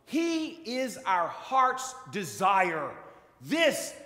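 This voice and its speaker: A man's voice: high voice, wildly swooping pitch, drawn-out words, bright, forceful tone. A man preaching a sermon in a church, telling the story in a folksy, humorous way. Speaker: pastor. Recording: long church reverb.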